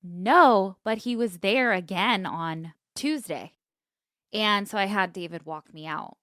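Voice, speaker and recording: A woman co-hosting a podcast, telling stories in casual chat, animated and swearing freely as she acts out what people said. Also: mid-range voice, slow pace, no echo, clean studio sound. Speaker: podcast co-host.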